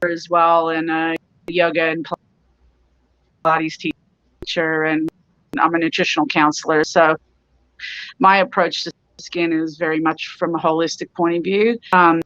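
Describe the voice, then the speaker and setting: A woman's voice: sits low, a bit bright, dry recording. A middle-aged woman from California, a spa owner chatting as a guest in a remote interview. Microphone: video call. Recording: dull lo-fi call audio.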